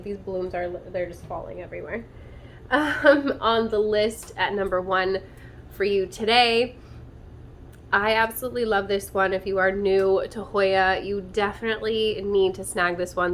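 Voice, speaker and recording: A woman's voice: medium pitch, a bit bright. A bubbly young woman talks casually to her viewers from a room at home, filling her sentences with "like" and "um". Her voice sits in an ordinary middle range. A faint noise hums behind her. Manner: bubbly and chatty, with lots of "like" and "um" fillers. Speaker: plant channel host. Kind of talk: casual vlog. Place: indoors at home among houseplants.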